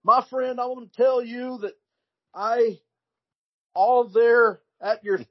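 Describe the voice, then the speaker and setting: A man imitating a tongue-tied wrestler's shouted promo. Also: very high-pitched, fairly even intonation, no echo, pitched above the performer's own voice, heavily acted. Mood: blustery. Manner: halting, broken-off shouted phrases. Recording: dull lo-fi recording.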